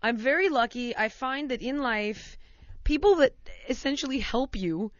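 A woman's voice: sits high, animated, normal speed, no room sound, dull audio. A woman hosting a talk show, telling a story in a casual, rambling way full of "like" and "you know", laughing as she goes.

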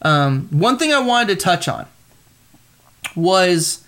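A man hosts a solo podcast, chatting loosely through fight news in a somewhat high-pitched voice. He rambles, restarts his sentences and fills pauses with ums. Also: sing-song, fairly bright tone. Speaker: podcast host. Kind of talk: solo casual commentary.

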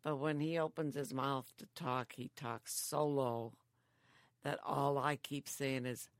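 An older woman who lives in a care home, chatting slowly and telling stories with frequent chuckles. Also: extremely low pitch, steady tone, no room sound, studio quality. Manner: slow, chuckling storyteller. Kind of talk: casual chat.

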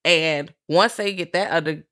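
A woman's voice: low-pitched, measured pace, bright, forceful tone. A woman co-hosting a podcast, talking about horror movies in a blunt, profane and playful way. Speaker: podcast co-host. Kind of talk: casual movie review chat.

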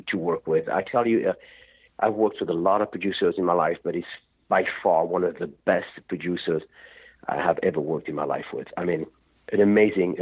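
A man, a rock singer, telling stories in a rambling, animated way during an interview. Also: deep voice, breathy edge. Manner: rambling, animated storytelling with restarts. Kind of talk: phone interview. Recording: tinny phone line.

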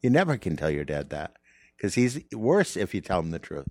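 Comedian guest, very low gravelly voice, reflective and candid. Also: male voice, very animated, normal speed, darkish tone, dry recording, clean studio sound. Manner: earnest, reflective, rambling with restarts. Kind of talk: candid interview conversation.

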